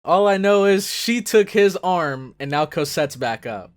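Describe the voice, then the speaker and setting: An excitable man reacting to something as it plays, his pitch leaping and falling all over the place. He talks in an unhurried way, thinks out loud with plenty of fillers, and now and then bursts into loud exclamations. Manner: thinks aloud with many fillers. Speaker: anime reaction host. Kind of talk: casual reaction commentary.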